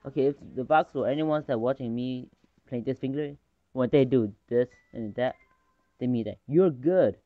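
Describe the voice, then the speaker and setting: A man casually commentating his own game match, rambling between calls and excitable in fights. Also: mid-range voice, moderate pace, no echo. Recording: dull lo-fi recording.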